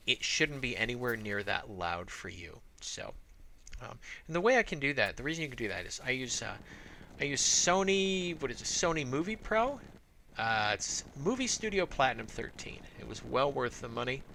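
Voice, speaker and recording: A man's voice: medium pitch, vocal fry, bright, forceful tone, a little hiss or hum. A man from Arizona giving casual let's-play commentary, rambling and thinking aloud with many fillers. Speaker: gameplay commentator.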